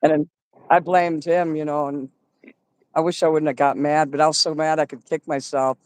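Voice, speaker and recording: A woman's voice: low-pitched, flat delivery, moderate pace, darkish tone, no echo. A middle-aged woman telling rambling, crude stories in a casual stream chat.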